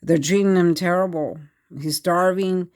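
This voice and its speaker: A tarot reader, talking to viewers in short, halting, repetitive bursts of earnest speech. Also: medium pitch, steady tone, clear, resonant tone. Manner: earnest, addresses viewers directly. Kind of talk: tarot card reading monologue.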